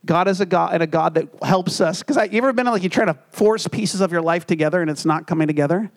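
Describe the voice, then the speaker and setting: High-voiced young man preaching a sermon. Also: fast. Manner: storytelling, self-deprecating and earnest. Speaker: pastor.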